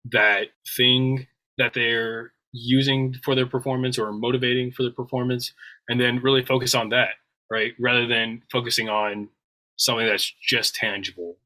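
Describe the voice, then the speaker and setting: A man with a bright, forceful voice at a middle pitch, co-hosting a casual podcast chat. He speaks earnestly and keeps checking in with a questioning "right?" at the end of his points. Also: poor audio. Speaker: podcast co-host.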